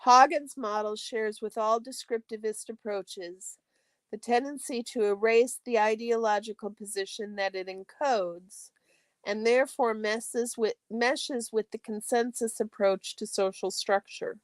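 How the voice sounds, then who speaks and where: A woman's voice: a little high, measured pace, dry recording. Woman reading a textbook aloud, dry sound. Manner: steady, careful reading with occasional self-corrections. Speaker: study stream host.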